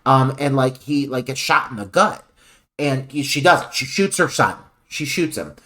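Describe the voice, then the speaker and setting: A man's voice: medium pitch, expressive, moderate pace, sharp tone. A man co-hosting a podcast, discussing a film with sarcastic, profane asides. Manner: sarcastic and wry, swears freely. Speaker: podcast co-host.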